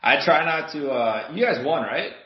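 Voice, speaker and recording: With a slightly high voice, lively intonation and a moderate pace, a Milwaukee man co-hosts a laid-back sports podcast. He swears, laughs a lot and fumbles for names over dull lo-fi podcast audio.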